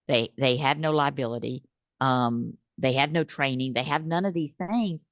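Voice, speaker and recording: A low-pitched woman, talking in a lively, conversational way as a guest on an interview. She tells stories and acts out the voices of customers. The recording is dry and a little dull. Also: moderate pace, dry recording. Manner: animated storytelling, acts out customer calls. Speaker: business owner guest.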